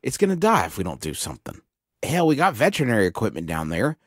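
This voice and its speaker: Low, animated man playing a character in a tabletop game, dry sound. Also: quick pace, breathy edge, dry recording. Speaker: player. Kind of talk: casual tabletop role-play.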